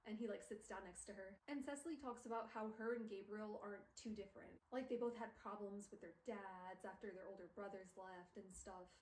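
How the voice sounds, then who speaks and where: A woman's voice: mid-range voice, brisk, few pauses, darkish tone, echoey room, rough recording. A woman streamer recapping a book in casual chat, gushing and emotional, peppering her talk with "like", recorded on a phone. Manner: gushing, emotional, filler-heavy with "like". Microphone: phone camera.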